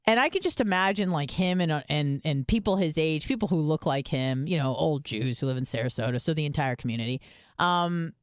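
A woman's voice: deep voice, animated, a little fast, dry recording, studio quality. A woman co-hosting a podcast, telling stories in casual chat and swearing freely. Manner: chatty storytelling, swears freely. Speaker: podcast co-host.

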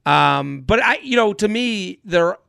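High gravelly man telling stories. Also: animated, slow, pushed and bright, no room sound, clean studio sound. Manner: rambling storyteller with restarts. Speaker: podcast host. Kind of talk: casual podcast chat.

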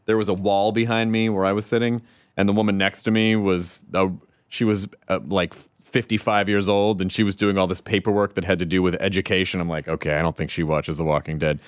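A man from the American South hosting a casual interview, animated and playful. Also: fairly low pitch, a little fast, clean tone, dry recording. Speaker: host. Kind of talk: casual chat.

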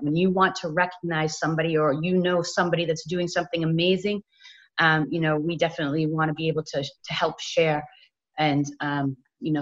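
A woman's voice: low voice, muffled recording. A woman hosting a casual podcast interview, rambling with lots of "you know" fillers. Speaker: podcast host.

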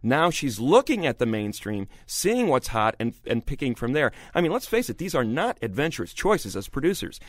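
A man co-hosting a radio music review show, talking in an opinionated, emphatic way with quick restarts. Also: medium pitch, very animated, dry recording. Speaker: music critic co-host. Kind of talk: casual radio review chat.

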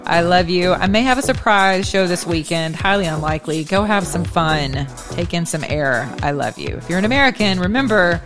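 Woman host, low-pitched, emphatic and folksy, soft music bed. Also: lively intonation, normal speed, few pauses. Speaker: show host. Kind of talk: impassioned casual monologue.

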